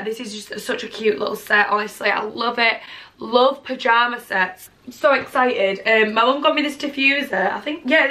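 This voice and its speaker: Bright-voiced excitable young woman. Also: mid-range voice. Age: 20s. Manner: excitable, gushing, casual swearing. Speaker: vlogger. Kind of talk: casual gift haul chat.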